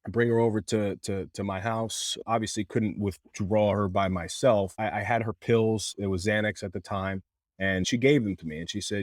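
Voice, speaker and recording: A man's voice: on the low side, steady tone, fairly quick, darkish tone, no echo, studio quality. A man telling an emotional personal story as a podcast guest, earnest, with many fillers and restarts. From Canada. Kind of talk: candid storytelling.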